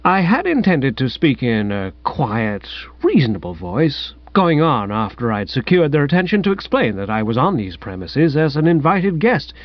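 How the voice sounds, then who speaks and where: A man's voice: fairly high pitch, no room sound. A man narrating a comic story in the first person with an airy, wry manner. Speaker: audiobook narrator. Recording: dull, dry, lo-fi sound.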